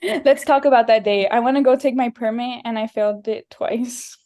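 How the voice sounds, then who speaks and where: A woman's voice: on the high side, normal speed, warm tone. A young woman hosting a podcast, telling stories in casual chat and laughing often. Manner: chatty storytelling, laughing often. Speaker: podcast host.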